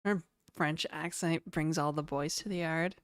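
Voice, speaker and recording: Rambling woman streamer reading chat; smooth voice, dry close mic. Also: deep voice, steady tone, unhurried, no room sound. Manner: rambling, chatty, reads chat aloud. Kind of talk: casual live-stream chat.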